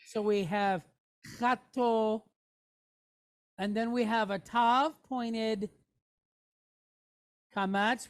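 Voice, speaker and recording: A woman teaching a Hebrew reading lesson, sounding out each syllable patiently and checking in with her listeners. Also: fairly high pitch.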